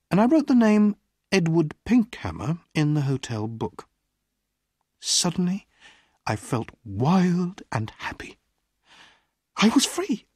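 A reader slowly and clearly narrating a graded-reader story. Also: medium pitch, darkish tone, dry recording, clean studio sound. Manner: slow, clearly paced storytelling. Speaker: audiobook reader.

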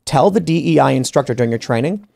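A man's voice: mid-range voice, expressive, fast talker, creaky, a little mellow. A man hosting a podcast, arguing his point in opinionated panel talk, often restarting his sentences and acting out other people. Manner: argumentative, many restarts, acts out quoted people. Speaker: podcast host. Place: podcast studio.

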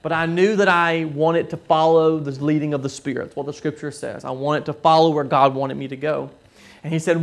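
A man preaching a sermon, telling a story with frequent halting restarts and repeated words. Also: fairly high pitch. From southern United States.

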